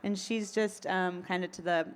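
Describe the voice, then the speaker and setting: Woman on the lower side, rambly friendly interview chat, lots of ums and little laughs. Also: steady tone, normal speed. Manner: chatty, laughs often, many ums. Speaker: event organizer. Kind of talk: casual interview.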